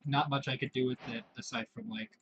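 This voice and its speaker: A man's voice: mid-range voice, fairly even intonation, brisk, a bit bright, highs cut off, slight background noise. A sleepy young man chatting casually and self-deprecatingly while he plays a game, sometimes dropping into a whisper. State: sleepy, yawning. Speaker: gaming video creator. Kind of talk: casual gameplay commentary.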